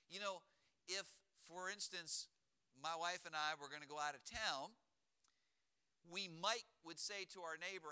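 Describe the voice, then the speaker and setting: A man from Pennsylvania preaching in a high, forceful voice. He tells folksy stories and slows down to drive home key words. His tone stays clear and resonant throughout. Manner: storytelling, emphatic with slowed key words. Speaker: pastor. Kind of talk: sermon.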